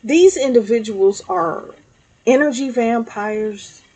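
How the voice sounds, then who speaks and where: Slow, husky-voiced woman tarot reader. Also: on the high side, warm tone, low-quality recording. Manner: slow, emphatic, frequent "okay?" check-ins; speaks directly to viewers, conversational. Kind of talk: spiritual reading monologue.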